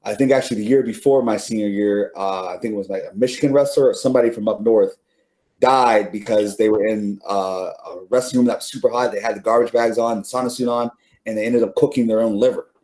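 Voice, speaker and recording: A man's voice: fairly low pitch, fairly even intonation, fast talker, warm tone. A middle-aged man, an interview guest, telling stories casually with many fillers and restarts, laughing now and then. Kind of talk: casual storytelling.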